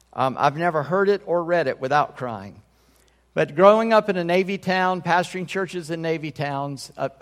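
A man's voice: fairly high pitch, a bit bright, in a large hall. A man pastor preaching a sermon in a conversational way, often checking in with his congregation.

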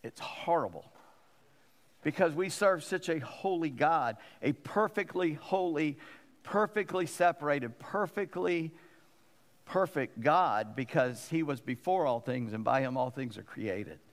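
A man's voice: on the high side, expressive, unhurried, big-room sound. A man, a pastor preaching a sermon in an emphatic way and repeating phrases for stress.

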